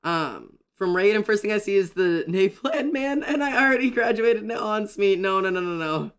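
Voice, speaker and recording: Young aussie guy livestreaming while he draws, kinda high voice, gets all fired up and rants, says hi to chat. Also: normal speed, clean tone. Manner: excitable, ranting, greets chat members.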